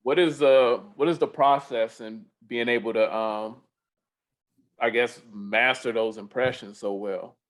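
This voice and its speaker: A man hosting a podcast interview, talking in a relaxed, loose way and laughing easily. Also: mid-range voice, measured pace, poor audio. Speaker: podcast host. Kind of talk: casual interview chat.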